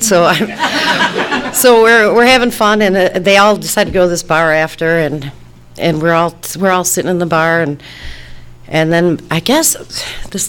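A woman from Detroit casually telling a personal story, rambling, restarting her sentences and laughing often. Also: lowish voice. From Detroit, United States. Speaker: storyteller recounting her past.

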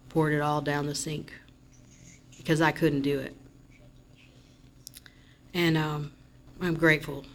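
Low-voiced woman, candid testimony. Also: a little hiss or hum. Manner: candid, rambling, rising to loud frustration in retold moments. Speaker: member sharing at a recovery meeting. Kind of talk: personal testimony.

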